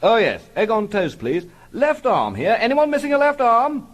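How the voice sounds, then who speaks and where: A man's voice: mid-range voice, sing-song, fast, pitched above the performer's own voice. A man voicing a busy, impatient wartime policeman father who barks orders in a blunt, raised voice. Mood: brusque.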